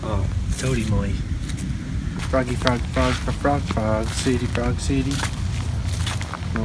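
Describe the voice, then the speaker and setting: Against a noisy background, a man with a lowish voice hosts a gardening channel at a measured pace. It's a blooper reel of casual garden vlogging: he stumbles over his lines, restarts and laughs at himself.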